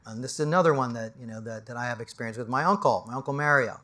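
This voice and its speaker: A middle-aged executive coach gives an animated motivational talk on stage, swinging from loud to hushed as he tells stories. His voice is medium-pitched and brisk.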